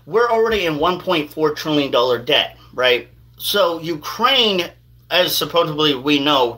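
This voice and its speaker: Bright-voiced man rambling about news. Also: mid-range voice, low-quality recording. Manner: rambling, hedges with "allegedly". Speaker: podcast host. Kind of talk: casual news commentary.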